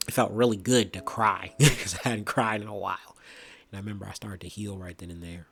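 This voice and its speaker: A young man speaking earnestly and reflectively about his own experience, with frequent pauses and restarts. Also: lowish voice, steady tone, gravelly, a bit bright. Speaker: vlogger. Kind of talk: personal testimony monologue.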